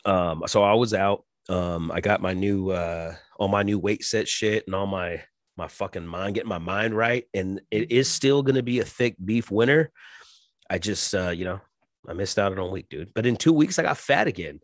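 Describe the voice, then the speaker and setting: This podcast host, a man in his forties, talks at normal speed in a low voice, rambling crudely, cursing constantly, and lapsing into mimicked voices during a casual monologue. The recording is dry and studio-clean.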